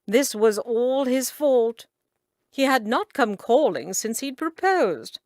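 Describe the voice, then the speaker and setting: Expressive woman reading an audiobook. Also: fairly high pitch, slow, no room sound, clean studio sound. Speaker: audiobook narrator. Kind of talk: scripted audiobook narration.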